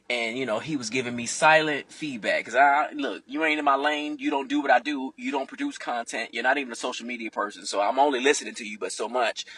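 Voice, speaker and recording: A man vlogging from inside a car, telling a candid, profane personal story with animated delivery. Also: medium pitch, breathy edge. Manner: animated and profane, acts out other people's voices.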